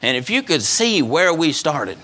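Middle-aged man, pastor preaching, folksy, emphatic, bright tense tone. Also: fairly high pitch, sing-song, unhurried. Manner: folksy, repeats words, rises to emphatic peaks. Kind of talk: sermon.

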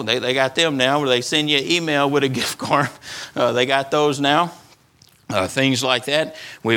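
Middle-aged man, pastor preaching, folksy, emphatic, bright tense tone. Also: medium pitch. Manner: folksy, repeats words, rises to emphatic peaks. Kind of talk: sermon.

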